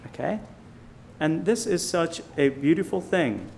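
A man preaching an informal sermon, building up loud on key phrases and dropping quiet on others. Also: a little high, lively intonation, vocal fry, a little hiss or hum. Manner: emphatic, rising loud on key phrases, slowing on quiet points.

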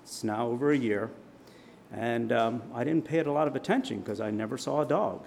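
A man delivers a sermon through a long personal story, voice at a middle pitch. He tells it vividly, getting loud at tense moments and dropping low for reflection. Faint background noise sits under the voice. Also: fairly quick, gravelly. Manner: vivid storyteller, dramatic shouts in quotes. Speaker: preacher.

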